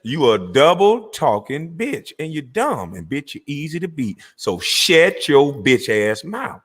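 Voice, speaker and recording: A middle-aged man hosting his own channel, delivering an angry, profane rant to camera, mocking and confrontational, breaking into laughs and shouts. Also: fairly high pitch, big pitch swings, unhurried. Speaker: channel host. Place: Georgia, USA.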